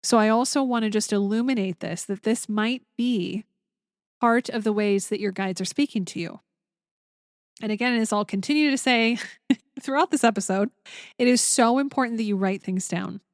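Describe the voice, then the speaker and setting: A young adult woman hosting a spiritual podcast, talking gently and earnestly with lots of fillers as she tells stories. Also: a little high, normal speed, dry recording, studio quality. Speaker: podcast host. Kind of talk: casual spiritual podcast monologue.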